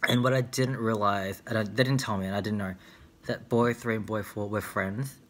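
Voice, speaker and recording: A man's voice: fairly low pitch, steady tone, moderate pace, noisy background. Chatty young man telling stories. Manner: candid, chatty, filler-heavy storytelling. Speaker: vlogger. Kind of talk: casual storytime vlog.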